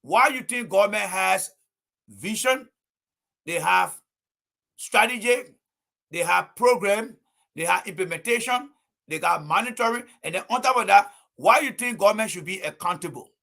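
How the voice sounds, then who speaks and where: Forceful high-voiced man ranting. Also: animated, normal speed, gravelly. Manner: emphatic, preachy, repeats points. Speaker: political commentator. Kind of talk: livestream political commentary.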